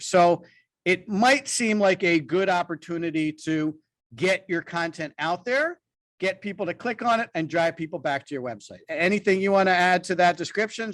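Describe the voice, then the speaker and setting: A man's voice: on the high side, fairly bright tone, no echo. A man co-hosting a business podcast, explaining things in a conversational way. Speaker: podcast co-host.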